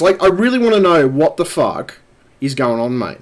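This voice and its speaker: A man's voice: mid-range voice, big pitch swings, measured pace. A man live streaming at his computer, ranting angrily and swearing constantly. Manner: angry, profane ranting.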